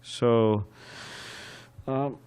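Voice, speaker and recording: A man giving a scriptural class as a sermon, telling anecdotes in a lively way, chuckling and often restarting phrases. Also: medium pitch, very slow, clean tone. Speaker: temple class speaker. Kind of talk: sermon with storytelling.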